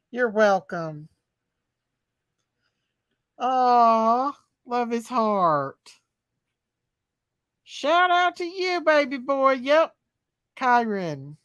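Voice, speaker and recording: A woman's voice: a little high, fairly bright tone, no room sound, studio quality. A woman hosting a casual livestream, chatting folksy with viewers and singing to them. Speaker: livestream host reading chat. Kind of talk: casual live chat.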